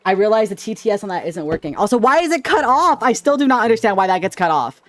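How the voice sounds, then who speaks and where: Animated male streamer chatting with viewers. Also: high-pitched, quick pace. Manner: animated, swings between loud and quiet; casual, swears often. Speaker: live streamer. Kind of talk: casual live-stream chat with viewers.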